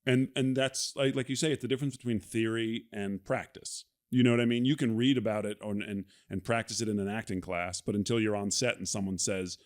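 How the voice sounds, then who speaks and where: Middle-aged guy telling acting stories on a podcast, lively, does little voices for quotes. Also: on the low side, a little fast, hardly any pauses. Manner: animated storyteller, acts out quoted lines with laughs. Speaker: actor and podcast guest. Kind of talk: casual conversation.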